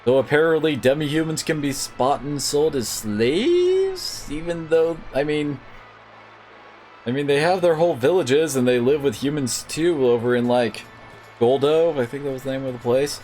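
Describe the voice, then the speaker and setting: A man's voice: on the high side, animated, moderate pace, darkish tone. Rambling male game streamer. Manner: rambling, lots of 'like'. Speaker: let's play streamer. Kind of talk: casual gameplay commentary. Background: faint game music.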